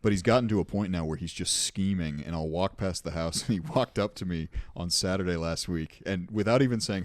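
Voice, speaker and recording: A man's voice: sits low, a little fast, hardly any pauses, dry recording. A young man hosting a podcast, telling rambling, profane anecdotes in casual chat. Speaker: podcast host.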